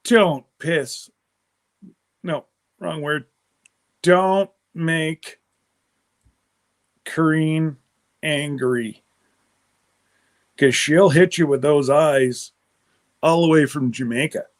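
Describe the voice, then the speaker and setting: A man's voice: on the high side, very slow, pauses often. A man from Canada hosting a livestream, chatting casually and rambling while answering viewer comments. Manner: rambling, answers live chat comments aloud. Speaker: livestream host.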